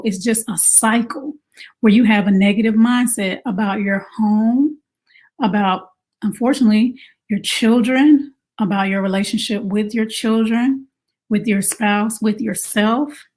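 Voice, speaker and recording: A woman coaching mothers in a casual advice talk, conversational and animated, asking rhetorical questions. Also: mid-range voice, unhurried. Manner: animated, acts out quoted moms in exaggerated voices. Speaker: self-care coach for mothers.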